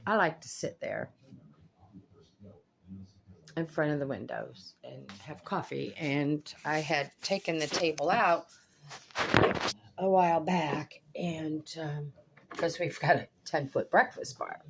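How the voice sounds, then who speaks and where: An older woman vlogs casually in her home kitchen by the pool windows, bluntly venting her exasperation and swearing freely. She has a low, creaky voice, and there is a little hiss or hum in the audio.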